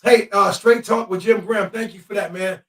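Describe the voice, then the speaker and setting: Excitable high-voiced man calling a game. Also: moderate pace. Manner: excitable, shouts at the refs and players. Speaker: podcast host. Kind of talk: live game-watching commentary. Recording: echoey room, mic at a distance.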